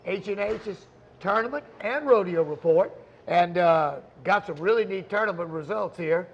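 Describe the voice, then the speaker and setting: Man, co-host, high gravelly voice, playful, lo-fi sound. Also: normal speed. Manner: playful, joking, loves food. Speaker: show co-host. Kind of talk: casual chat.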